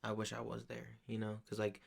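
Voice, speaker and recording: A man's voice: fairly low pitch, completely flat delivery, a little fast, creaky, slightly rough. A young man co-hosting a podcast and telling a story in a slangy, profane, rambling way. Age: young adult. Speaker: podcast co-host. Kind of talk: casual storytelling chat.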